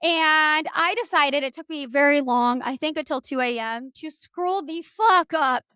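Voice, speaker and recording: A young woman with a high voice hosts her podcast, recounting a story in a heated, cussing rant. She jumps between her own telling and quoted lines of dialogue. The sound is close and dry, with no room around it. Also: unhurried, no room sound. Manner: animated and profane, acting out quoted dialogue. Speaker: podcast host.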